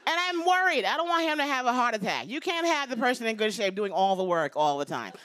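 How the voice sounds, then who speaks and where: Brash high-voiced woman doing stand-up. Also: big pitch swings, fast, fairly bright tone. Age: 50s. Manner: brash, confiding, punchline-driven. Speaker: stand-up comedian. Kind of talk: stand-up routine. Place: stage before a live audience.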